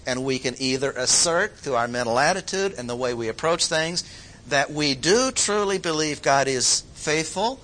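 A man preaching a sermon, emphatic, repeating key phrases slowly with sudden jumps in pitch. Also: fairly bright tone, slight background noise, poor audio.

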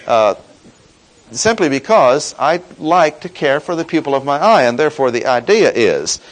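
A man preaching an expository sermon, teaching in a measured, emphatic way and slowing down to stress key words. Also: medium pitch, very animated, rough recording.

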